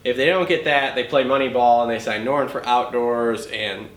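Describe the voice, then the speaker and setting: A man's voice: medium pitch, steady tone, normal speed. A man co-hosting a casual motocross chat show, blunt and dry in manner. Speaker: podcast co-host. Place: home studio. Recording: echoey room with faint noise.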